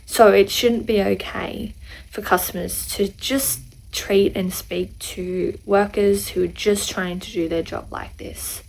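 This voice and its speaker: A woman's voice: mid-range voice, fairly even intonation, takes it slowly, vocal fry, a little mellow, a little hiss or hum, poor audio. A woman hosting a reaction video, giving earnest, disapproving commentary on a customer's behaviour. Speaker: host reacting to clips.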